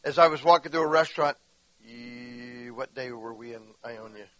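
A pastor with a mid-range voice preaches a sermon at normal speed, telling stories conversationally and acting out the quotes with animation. He often asks the listeners questions and addresses them directly. The recording has no room sound and is low quality.

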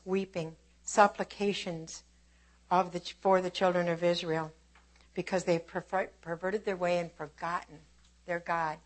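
A woman with a medium-pitched voice preaches a sermon that opens with a prayer. Her delivery is fervent and emphatic, swinging between hushed and forceful.

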